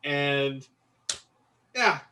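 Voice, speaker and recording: A man in an improv group joking with a hesitant, deadpan delivery. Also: a little high, drawn-out words, smooth. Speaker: improv troupe member. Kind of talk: casual banter.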